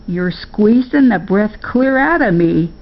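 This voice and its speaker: A woman's voice: mid-range voice, lively intonation, slow pace, dull audio, pitched above the performer's own voice. An older woman voicing a stern, fretful old grandmother who scolds in rustic dialect. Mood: scolding.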